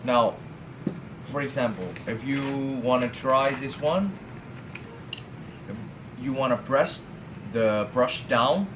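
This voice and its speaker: A young man whose first language is Vietnamese teaches brush calligraphy in a casual tutorial, halting often with fillers and restarts. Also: mid-range voice, roomy sound, noisy background. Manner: halting, many fillers and restarts, friendly asides. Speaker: calligraphy instructor. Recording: tinny phone-like audio.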